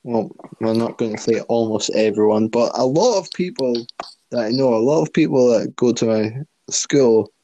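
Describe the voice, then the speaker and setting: A man's voice: mid-range voice, moderate pace, warm tone, a little hiss or hum. A young man chatting casually as a podcast co-host, rambling and hesitant, laughing often. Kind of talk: casual chat.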